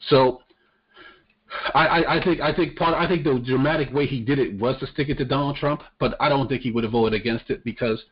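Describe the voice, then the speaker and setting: A man in casual podcast talk, blunt and unfiltered, who curses freely and trips over repeated words as he restarts. His voice sits at an ordinary pitch. The recording is slightly dull and muffled. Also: fairly even intonation, a little fast, husky. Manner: blunt, profane, stammers on restarts. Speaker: podcast co-host. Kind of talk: casual political chat. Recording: muffled lo-fi audio.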